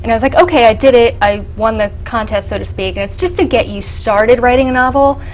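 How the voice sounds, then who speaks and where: A young adult woman, an actress, chatting casually in an interview, animated and full of fillers. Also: fairly high pitch, brisk, faint music behind, rough recording. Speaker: actress guest.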